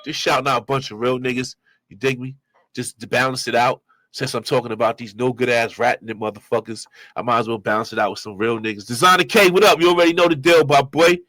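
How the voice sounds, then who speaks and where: A man hosting his own show, giving loose, slangy street commentary and shout-outs. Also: medium pitch, steady tone, fast talker, dry recording. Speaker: show host reacting to clips. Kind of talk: casual commentary.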